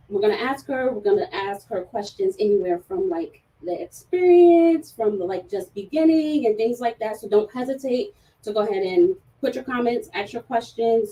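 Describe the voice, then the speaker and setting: A woman's voice: on the high side, dark tone, recorded from a distance, low-quality recording. A woman hosting a casual livestream chat who laughs often and talks with many fillers. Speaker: livestream host.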